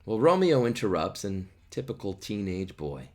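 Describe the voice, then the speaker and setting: A man hosting a podcast, explaining a play in a chatty, animated way full of asides. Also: fairly low pitch, moderate pace, few pauses. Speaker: podcast host.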